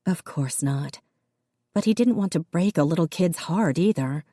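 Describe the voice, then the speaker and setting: Reading audiobook narration from a script, this woman keeps an even, measured pace. Her voice is on the low side, and the studio-quality audio has no room sound.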